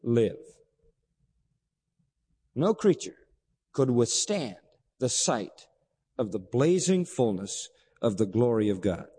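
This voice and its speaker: A man preaching a sermon as pastor, animated, asking rhetorical questions and pausing for effect. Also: medium pitch, breathy edge. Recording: long reverb of a large hall.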